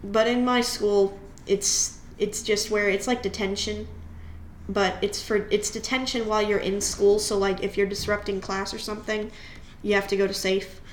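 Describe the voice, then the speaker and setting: A woman with a mid-range voice and flat delivery hosts a casual storytime on her channel while coloring, speaking at a moderate pace. She's chatty and rambling, often correcting herself mid-sentence, and the room has a noticeable echo with faint hiss.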